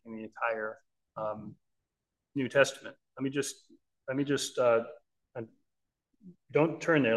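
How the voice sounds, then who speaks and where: A man's voice: mid-range voice, low-quality recording. Earnest, emphatic male preacher. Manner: earnest and emphatic, checks in with listeners by saying "all right". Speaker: preacher teaching from the Bible. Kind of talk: Bible teaching sermon.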